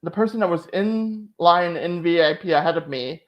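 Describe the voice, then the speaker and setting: A woman's voice: on the low side, normal speed, highs cut off. A woman hosting a channel, chatting casually and emotionally, full of "like" fillers. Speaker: channel host. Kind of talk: casual chat recap.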